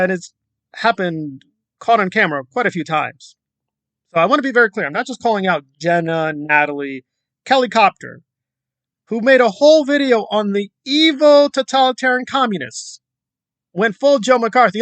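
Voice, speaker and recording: A man's voice: high-pitched, animated, normal speed, a bit bright, no echo. A man delivering a combative, sarcastic commentary rant full of rhetorical questions. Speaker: commentary YouTuber. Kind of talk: ranting commentary vlog.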